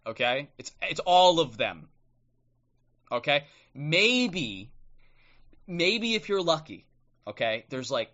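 Through a streaming microphone with dull audio, a livestream host with a mid-range, slightly bright voice rants bluntly and combatively, often tagging on "okay?", before reading aloud from a book.

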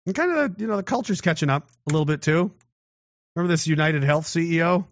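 A man talking casually and giving his opinion, swinging into loud mocking voices. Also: fairly high pitch, animated, quick pace, dry recording, muffled recording. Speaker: commentator.

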